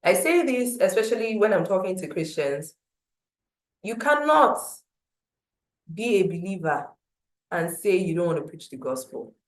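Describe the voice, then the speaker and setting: A woman giving a workshop talk as a public speaking coach, expressive and emphatic, with playful asides. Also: lowish voice, measured pace, long pauses. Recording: echoey room.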